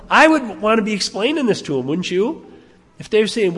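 Preacher, man, lively sermon delivery with questions to the room; slightly high voice, reverberant church hall. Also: quick pace, breathy edge. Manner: animated, rhetorical questions to the congregation. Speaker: pastor.

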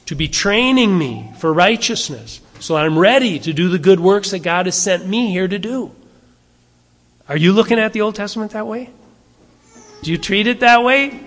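Male pastor, high-pitched, casual rhetorical sermon style, long hall reverb. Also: fairly bright tone. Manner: conversational, asks the audience rhetorical questions.

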